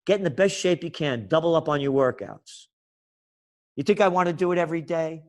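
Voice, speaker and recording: Fiery ranting man, higher voice. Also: a little fast. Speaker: guest, trends forecaster. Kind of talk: impassioned podcast interview.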